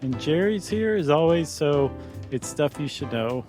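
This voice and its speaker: A man co-hosting a podcast in casual chat, relaxed and joking, thinking aloud with fillers. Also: on the high side, unhurried, soft background music. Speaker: podcast co-host.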